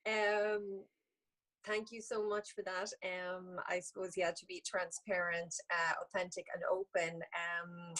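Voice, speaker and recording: A woman with an Irish accent, speaking hesitantly with many pauses and fillers from a tablet on a video call. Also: lowish voice, flat delivery, fairly bright tone, rough recording. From Ireland. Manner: hesitant, many ums and uhs. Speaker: class participant. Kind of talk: casual group video call.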